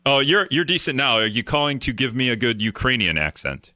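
A man's voice: medium pitch, big pitch swings, fairly quick, sharp tone, no room sound. A man hosting a casual talk radio show from a studio, rambling and joking at his own expense. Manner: rambling, joking, self-mocking. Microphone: studio microphone.

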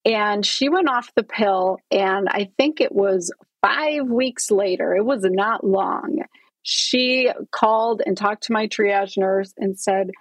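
A middle-aged woman doctor with a husky, slightly breathy voice, speaking earnestly as a podcast guest. She explains medical points plainly and walks through patient stories. Her voice sounds close and dry, with no room around it. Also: mid-range voice, normal speed, dry recording, poor audio. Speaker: gynecologist guest. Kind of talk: interview storytelling.

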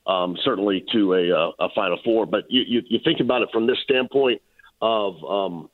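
A slightly hoarse man calls in to a sports radio show over a thin, tinny phone line. He breaks down the game in a steady, analytical way, with a few fillers. His voice sits in an ordinary middle pitch and sounds dry and close. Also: moderate pace, dry recording.

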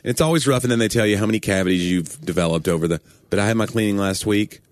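A man's voice: on the low side, quick pace, no room sound, studio quality. A man from Knoxville, Tennessee with a toned-down East Tennessee Southern accent, co-hosting a podcast in casual, joking banter and acting out quoted voices. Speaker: podcast co-host.

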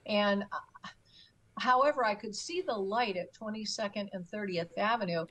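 A woman's voice: mid-range voice, normal speed, fairly bright tone. A middle-aged woman telling her own story as a guest on a talk show, emphatic, acting out her pleas. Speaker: guest recounting an experience. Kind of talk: conversational storytelling.

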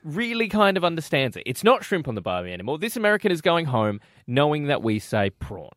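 A man's voice: fairly high pitch, fast talker, dry recording, clean studio sound. An Australian man in his thirties co-hosting a breakfast radio show, chatty and laughing as he tells stories. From Western Australia. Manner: chatty, laughing, animated storytelling. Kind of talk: casual breakfast radio banter.

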